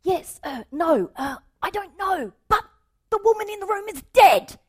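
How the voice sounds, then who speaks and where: A woman voicing a desperate male traveling salesman who stammers and pleads in a high, strained voice. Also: very animated, unhurried, full character voice. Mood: frantic.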